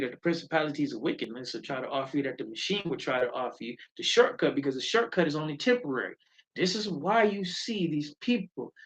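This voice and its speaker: A middle-aged man, telling stories in an animated, preachy way as a live show host. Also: on the high side. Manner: animated storytelling, preachy and emphatic. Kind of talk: casual live-stream talk. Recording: dull lo-fi stream audio.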